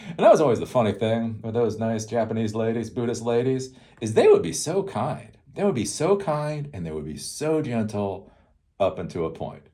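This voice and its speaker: A man's voice: mid-range voice, expressive, moderate pace, mellow. A man hosting a casual rant, rambling, swearing freely and often laughing. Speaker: host.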